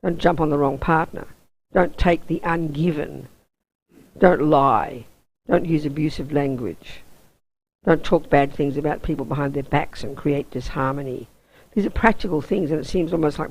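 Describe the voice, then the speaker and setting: A woman's voice: deep voice, normal speed, a little mellow, husky, low-quality recording. An Australian woman, a Buddhist nun, teaching a weekend course in an intense, emphatic, down-to-earth way.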